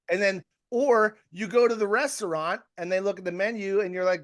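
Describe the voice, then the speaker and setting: A man's voice: sits high, fairly quick, few pauses. A man coaching a group on a video call, rambling and chatty with many restarts. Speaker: real estate coach. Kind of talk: live coaching talk to a group.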